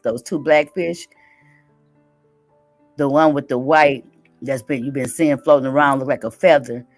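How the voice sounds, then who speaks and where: Low-voiced woman chatting on a livestream. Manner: chatty, often asks "right?". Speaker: livestream host. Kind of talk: reading daily affirmations aloud and chatting.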